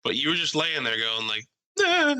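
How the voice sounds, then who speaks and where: Bright-voiced man telling rowdy stories. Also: medium pitch, a little fast, clear, resonant tone, rough recording. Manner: animated storyteller, swears freely, mimics voices. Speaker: podcast co-host. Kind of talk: casual podcast chat.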